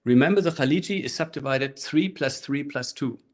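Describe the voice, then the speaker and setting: A man teaching a live online handpan workshop, explaining rhythms in a relaxed way and chanting rhythm syllables, recorded through a laptop microphone. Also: mid-range voice, normal speed. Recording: faint handpan music behind. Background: handpan playing.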